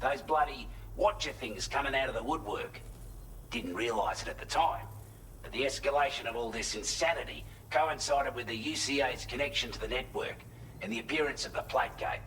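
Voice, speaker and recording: A man's voice: medium pitch, fairly quick, fairly bright tone, a little hiss or hum, natural voice, rough recording. A man voicing an earnest, determined male idealist in video game dialogue. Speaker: game character.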